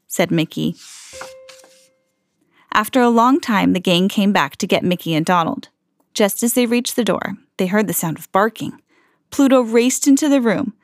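A woman hosting a read-aloud podcast, reading a children's storybook and slowing down for the suspenseful moments. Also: medium pitch, lively intonation, no room sound, clean studio sound. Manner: slows down and swells for dramatic moments.

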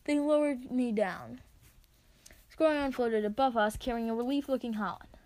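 A woman reading her own story aloud, expressive as she narrates. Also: fairly high pitch, moderate pace. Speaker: reader.

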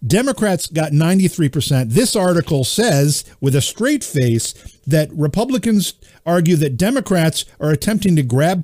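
A man hosting a political talk show, reading out news with sarcastic exasperation and dropping low on his punchlines. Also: big pitch swings, normal speed, a little mellow, dry recording. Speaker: show host.

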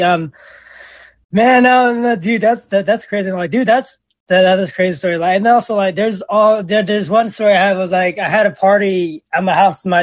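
A young man co-hosting a casual podcast, telling stories in an excitable, rambling way full of slang and restarts. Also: high-pitched, dry recording. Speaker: podcast co-host. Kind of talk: casual chat.

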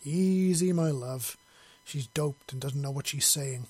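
A man voicing a calm, confident doctor with a gravelly voice in a storybook reading. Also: on the high side, a little slow. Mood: soothing. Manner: soothing, playful.

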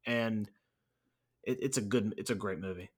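A man's voice: fairly low pitch, moderate pace. Enthusiastic man talking films. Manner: enthusiastic, animated retelling. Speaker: podcast co-host. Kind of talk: casual film discussion.

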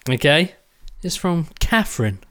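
A man's voice: a little high, big pitch swings, measured pace, a bit bright. Male podcast co-host, playful banter, teasing delivery. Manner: joking, banter-heavy, calls his friend mate. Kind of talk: casual chat.

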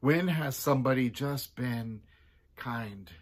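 Man, pastor, casual devotional, chatty, mid-pitched, animated quotes. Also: slow. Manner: chatty, acts out quotes with big pitch jumps.

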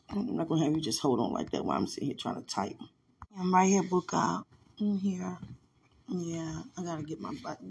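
A woman, a mother, softly and emotionally talking aloud to a loved one in a personal podcast monologue, close to tears. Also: lowish voice, gravelly, slightly rough. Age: adult with a son. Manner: soft, intimate, thinking aloud. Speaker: podcast host.

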